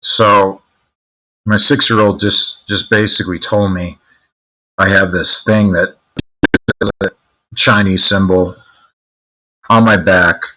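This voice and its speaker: A man's voice: low voice, steady tone, slow pace, pauses often, bright, forceful tone, poor audio. A man streaming live, chatting casually with his viewers in a crude, joking, mocking way.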